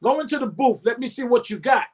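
A man's voice: extremely high pitch, fast talker. A man in his fifties, a recording artist telling his story in an interview, acting out other people's lines as he goes. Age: 50s. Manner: animated storyteller who acts out quotes and hums beats.

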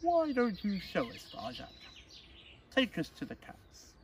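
A man reading a storybook aloud, voicing an old, wise grandfather cat who speaks quietly. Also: sits high, wildly swooping pitch, recorded from a distance, a little hiss or hum, voice pushed up, heavily acted. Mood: calm. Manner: quiet, measured.

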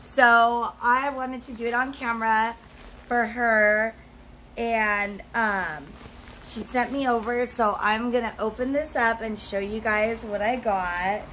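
A woman's voice: a little high, steady tone, slow pace, fairly bright tone, a little hiss or hum, rough recording. A young woman chatting at home as she opens gifts on camera, gushing with gasps and squeals. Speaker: vlogger opening mail. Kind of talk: casual unboxing chat.

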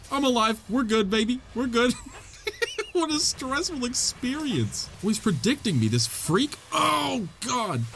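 A young man giving excitable let's play commentary, laughing, swearing and reading the dialogue aloud. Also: fairly high pitch. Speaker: gaming YouTuber. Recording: faint game music behind. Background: faint game music.

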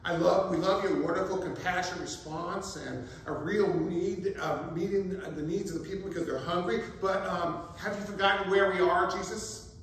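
A man's voice: high voice, fairly even intonation, normal speed, fairly bright tone, a little hiss or hum. A man preaching who voices doubtful, flustered male followers, speaking hesitantly and in disbelief. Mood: disbelieving. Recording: very echoey, distant mic.

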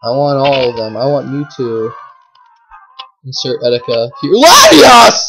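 A woman giving casual commentary while playing a game, chatty with lots of fillers, swinging from low mumbling to shrieking outbursts. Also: steady tone, moderate pace, a little mellow, faint music behind, poor audio. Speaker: gameplay commentator. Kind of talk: casual let's play commentary.

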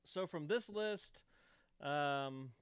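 A man's voice: a little high, lively intonation, drawn-out words, clean tone, no room sound, studio quality. A man co-hosting a casual podcast chat, thinking aloud hesitantly with fillers. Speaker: podcast co-host.

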